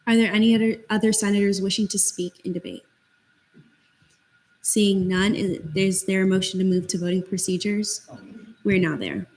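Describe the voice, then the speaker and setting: A young woman chairing a student senate meeting, reading votes and calling speakers in a brisk procedural way. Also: medium pitch, fairly even intonation, darkish tone.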